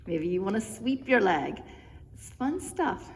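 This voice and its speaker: In a reverberant church room with a little background noise, a very animated woman leads viewers through basic home exercises. Her mid-range voice moves at a measured pace as she cues each step, chatting and cheering them on while slightly short of breath from joining in.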